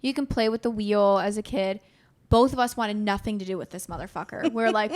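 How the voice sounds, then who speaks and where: A woman's voice: mid-range voice, brisk. A young woman hosting a podcast, telling childhood stories with lots of swearing. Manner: animated, profane storytelling. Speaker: podcast host. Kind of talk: casual podcast chat.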